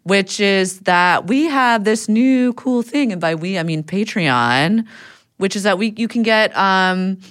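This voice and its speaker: A woman's voice: mid-range voice, animated, a little slow, fairly bright tone. A woman co-hosting a podcast, doing a playful, self-mocking sponsor read. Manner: giggly, bouncy and self-mocking. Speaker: podcast co-host.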